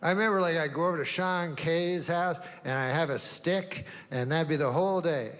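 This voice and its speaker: A man doing a stand-up routine, deadpan and rambling, with long meandering setups and offhand asides. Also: on the high side, moderate pace. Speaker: stand-up comedian. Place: comedy stage before a live audience. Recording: live room reverb, faint ambience.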